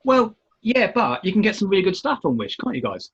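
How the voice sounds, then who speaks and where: A man's voice: high-pitched, huge pitch swings, fairly quick, fairly bright tone, husky. A British man co-hosting a casual chat show, rambling with many fillers and restarts. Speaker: co-host. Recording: dull lo-fi sound.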